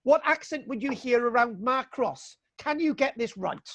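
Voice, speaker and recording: A man's voice: extremely high pitch, animated, normal speed, a bit bright, muffled recording. A man lecturing on local history over a video call in a chatty, folksy way, with many fillers and restarts. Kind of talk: online illustrated history lecture.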